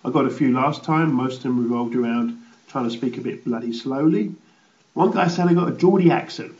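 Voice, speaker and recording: A man's voice: mid-range voice, fairly quick, darkish tone. A man from England hosting a casual football results roundup, rambling and blunt, swearing freely. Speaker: football show host. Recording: roomy, slightly dull recording.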